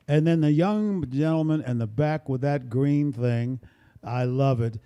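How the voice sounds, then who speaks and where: An older man chats from a small stage through a stage microphone, rambling through introductions with plenty of jokes for a live audience. His voice is mellow and dark at an ordinary pitch, measured in pace, with slight background noise. Jovial and easygoing, he sounds like a bandleader at home with his crowd in casual banter.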